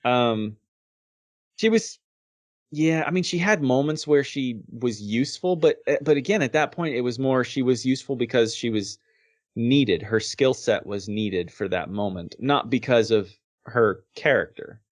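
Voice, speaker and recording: A man's voice: medium pitch, a little slow. Man musing, with restarts. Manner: thoughtful, hesitant with restarts. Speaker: podcast co-host. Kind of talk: casual chat.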